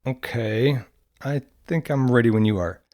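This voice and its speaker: A man's voice: medium pitch, normal speed, a little mellow, a little hiss or hum. A man co-hosting a casual podcast, hesitant and laughing often. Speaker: podcast co-host. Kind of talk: casual chat.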